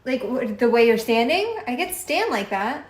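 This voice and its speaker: Woman at home, kinda high, bouncy, keeps asking what's up, echoey room. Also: sing-song, moderate pace. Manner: puzzled, teasing questions. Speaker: wife being pranked. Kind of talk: casual home video chat.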